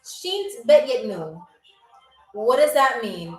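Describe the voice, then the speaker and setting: Playful high-voiced woman hosting a live game show. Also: big pitch swings. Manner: playful, teasing, reads viewer comments aloud; says foreign phrases very slowly. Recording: roomy, mic at a distance, faint music.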